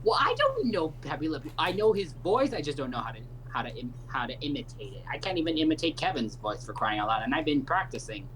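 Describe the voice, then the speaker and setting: A man's voice: on the high side, sing-song, quick pace, hardly any pauses, fairly bright tone, rough recording. A man co-hosting a game stream, relaying chat questions and teasing in a playful, casual way. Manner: playful, teasing, laughs along.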